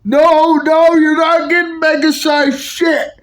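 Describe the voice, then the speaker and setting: A bossy, exasperated mother figure snaps out curt scoldings, as a woman puts her on. She talks slowly and firmly in a fairly high voice. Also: level tone.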